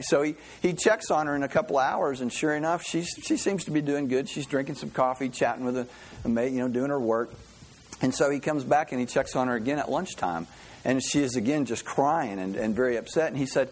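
A middle-aged man delivering a sermon in a relaxed, folksy manner. He stops and restarts often, doubling words before he finds his thread. His pitch sits in an ordinary male middle range. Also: a little fast. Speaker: pastor.

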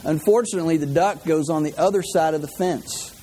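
Chatty high-voiced preacher. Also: male voice, fairly quick, mellow, slight background noise. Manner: chatty, repeats words, jokey asides. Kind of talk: humorous sermon.

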